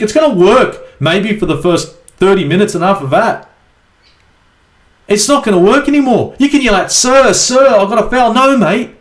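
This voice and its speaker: A man's voice: high voice, roomy sound. An Australian man ranting angrily as a football fan vlogger in a profane, exasperated match review. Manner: angry, sweary, exasperated.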